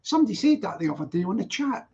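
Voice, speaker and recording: A man's voice: high voice, big pitch swings, racing, darkish tone. A man in his sixties with a Glaswegian accent touched by London, hosting a livestream and chatting casually, rambling with many yeahs. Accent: Glaswegian with London influence. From Glasgow, Scotland. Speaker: livestream host. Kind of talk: casual livestream chat greeting viewers. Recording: dull lo-fi stream audio.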